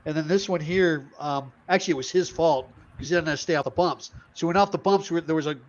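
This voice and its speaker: Fast-talking joking man. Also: on the high side. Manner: quick, joking, defensive banter. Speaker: podcast guest. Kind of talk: casual group chat. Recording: muffled lo-fi podcast audio.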